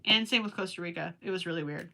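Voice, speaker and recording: A woman's voice: on the low side, quick pace, vocal fry, pushed and bright. A young woman with a Minnesotan accent, chatting casually with viewers on a late-night crochet livestream, rambling and a little tired. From Minnesota, USA. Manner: rambling, chatty, talks to viewers while working. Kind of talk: casual chat while crafting.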